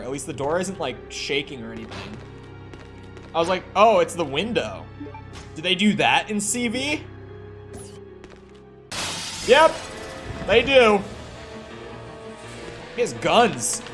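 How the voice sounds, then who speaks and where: A man chats casually through a game stream in a fairly high voice, reacting aloud and answering questions from his chat. He breaks into sudden loud yelps when startled, with faint music playing under him. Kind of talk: casual let's-play commentary.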